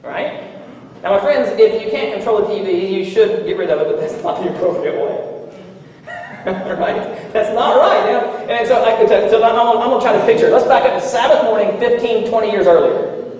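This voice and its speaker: High-voiced man preaching in an echoey hall. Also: normal speed, recorded from a distance. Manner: animated, acts out quoted voices, chuckles while talking. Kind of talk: storytelling sermon.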